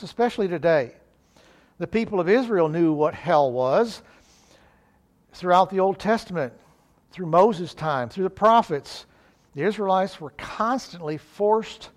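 A man preaching a sermon, earnest, rising in emphasis and slowing down on key phrases. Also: on the high side.

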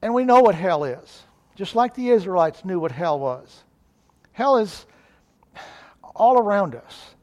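A man preaching a sermon, earnest, rising in emphasis and slowing down on key phrases. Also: sits high, very animated, a little mellow, muffled recording.

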